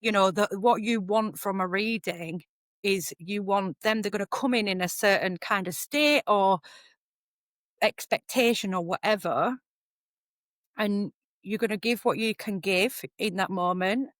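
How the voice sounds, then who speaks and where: A middle-aged woman, a psychic medium guest on a podcast who talks in a lively, chatty storytelling way. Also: medium pitch, a little slow, dry recording, studio quality. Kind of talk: casual podcast conversation.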